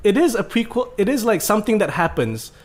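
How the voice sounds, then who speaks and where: A man talking casually on a podcast, animated and laughing often, repeating himself when he gets excited. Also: high-pitched, fairly quick. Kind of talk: casual chat.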